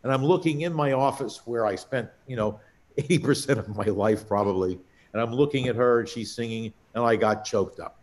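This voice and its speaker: An older man, a cantor, telling stories in conversation, halting and restarting as he reminisces. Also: medium pitch. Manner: anecdotal, halting storyteller with many restarts.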